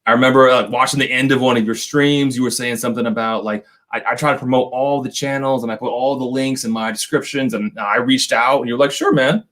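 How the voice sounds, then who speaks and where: A man's voice: medium pitch, steady tone, quick pace, few pauses, a bit bright. A man co-hosting a casual livestream chat, joking, laughing often and thanking viewers by name. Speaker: co-host of a whiskey channel livestream.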